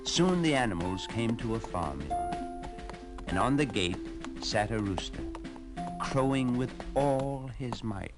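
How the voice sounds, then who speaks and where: A man narrating children's fairy tales on a storybook record in an animated, expressive way. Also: mid-range voice, slow pace, over loud music.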